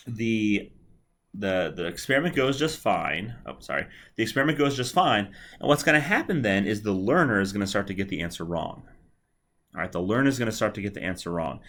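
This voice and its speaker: This recorded video lecture features a male psychology lecturer whose voice is on the low side yet fairly bright. His style is conversational, full of repetition and "all right." check-ins.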